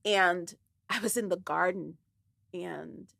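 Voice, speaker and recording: A woman guest telling a candid personal story in an animated, dramatic way, acting out the voices in it. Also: fairly low pitch, slow pace, creaky, dry recording, clean studio sound. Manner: animated, dramatic, acts out voices in her stories.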